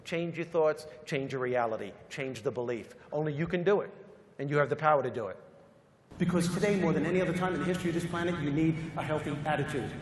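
A man's voice: on the high side, quick pace, slightly rough. A man with a New York accent giving a motivational keynote, emphatic and repetitive, with punchy comic timing. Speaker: motivational speaker. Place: large hall. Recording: long hall reverb, faint ambience.

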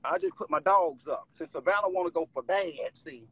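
A man's voice: sits high, a little fast, husky, lo-fi sound. A man ranting on a live stream from home into his phone, agitated, repetitive and profane.

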